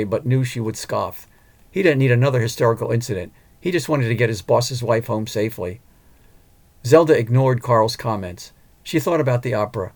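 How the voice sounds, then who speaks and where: Male audiobook narrator, mid-pitched, gravelly. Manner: measured, even storytelling.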